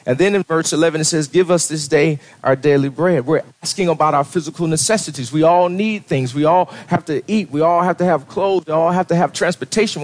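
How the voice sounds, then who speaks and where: A male pastor delivering a sermon in a plain, conversational way. His voice sits a little high for a man. He checks in with his listeners with a running "right?" and often restarts his sentences mid-thought. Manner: conversational preaching, frequent "right?" asides and restarts.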